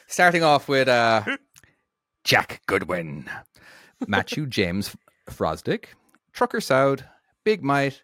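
A man doing a raspy Irish-tinged pirate. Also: medium pitch, big pitch swings, slow pace, pauses often, a bit bright, no room sound, clean studio sound. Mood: hammy roll call. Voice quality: raspy, talks out of the side of the mouth. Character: raspy grown male pirate, gruff and hammy.

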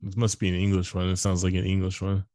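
A man's voice: low voice, monotone, fast, mellow, no room sound, studio quality. A man co-hosting a podcast, chatting casually with crude jokes and rambling asides. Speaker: podcast co-host. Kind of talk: casual chat.

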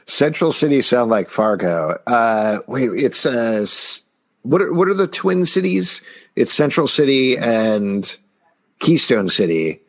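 Husky, lively male host. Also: mid-range voice, slow. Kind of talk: livestream chat show.

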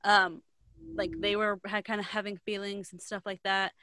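A woman in casual chat, retelling a story in a rambling, animated way, filling every pause with "like". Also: mid-range voice, no room sound. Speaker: co-host recapping a book.

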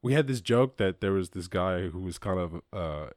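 A young Irish man hosting a casual solo podcast, rambling and swearing freely, acting out quotes in a higher voice. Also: expressive, moderate pace, darkish tone, no room sound, studio quality. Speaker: podcast host.

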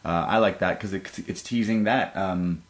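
A man's voice: deep voice, moderate pace. A man co-hosting a podcast, chatting casually and retelling events with frequent laughter. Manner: laughs often, lively storytelling. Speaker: podcast co-host. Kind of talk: casual chat recapping wrestling.

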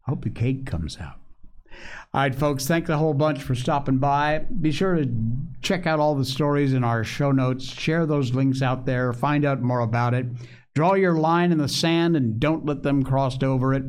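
A man's voice: mid-range voice, moderate pace, smooth. Folksy man reading a storybook aloud. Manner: friendly, folksy, easygoing delivery. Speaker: show host reading a children's book. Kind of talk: storybook read-aloud and casual sign-off.

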